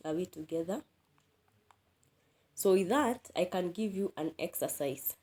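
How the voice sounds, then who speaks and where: A woman teaching an English lesson, explaining word stress and repeating example words slowly. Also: fairly low pitch, animated, a little mellow, breathy edge. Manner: slow, repeats key words and drills them aloud.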